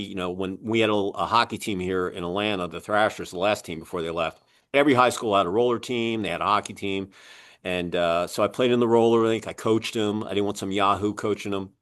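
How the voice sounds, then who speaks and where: Rambling middle-aged man, lowish voice. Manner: rambling, many fillers and restarts, lively quoting of others. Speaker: guest, coach. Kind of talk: casual interview storytelling.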